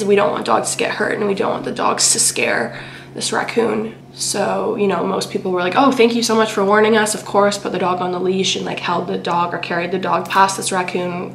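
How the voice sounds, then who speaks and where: Young female vlogger, gravelly fry, echoey home room, rambling and emotional. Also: mid-range voice, fairly bright tone, slight background noise. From Canada. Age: young adult. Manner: emotional, rambling, lots of "like" fillers. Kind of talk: chatty vlog storytelling.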